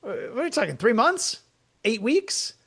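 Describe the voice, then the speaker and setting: A man co-hosting as a comedian, talking in a rambling, joking, animated way in casual chat. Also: very high voice, normal speed, vocal fry, husky. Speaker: comedian co-host.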